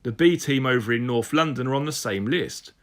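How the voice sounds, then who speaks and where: A man voicing a senior police superintendent who speaks in a measured, menacing way. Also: mid-range voice, lightly acted. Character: scheming senior male police superintendent, cold, confident.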